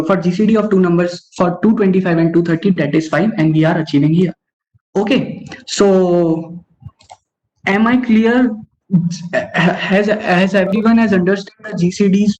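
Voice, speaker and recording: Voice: medium pitch, a little mellow, a little hiss or hum. Young presenter saying okay constantly. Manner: says okay constantly, stops to correct itself. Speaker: webinar presenter teaching algorithms. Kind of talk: online coding lecture. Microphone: online call microphone. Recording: dull lo-fi call audio.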